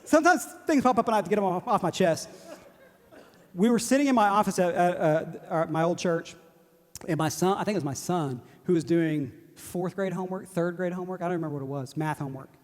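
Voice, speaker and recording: A man's voice: high-pitched, fast. A man, preaching a sermon in a joking, self-deprecating way and laughing often. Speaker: pastor. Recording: long hall reverb.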